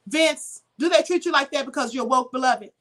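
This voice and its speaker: A woman with a high, bright voice gives an emphatic, preachy inspirational talk on a live stream. She reads and thanks viewer comments, calling viewers beloved. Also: moderate pace. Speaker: livestream host.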